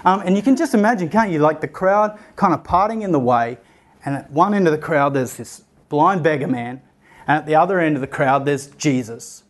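A man's voice: on the high side, fairly quick. A young man giving a sermon, telling a story and acting out the voices of the people in it. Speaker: preacher.

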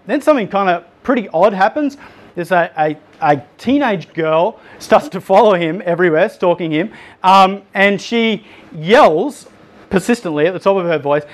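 A man preaching in a casual, animated way, retelling a Bible story with lots of filler words. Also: high-pitched. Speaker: pastor.

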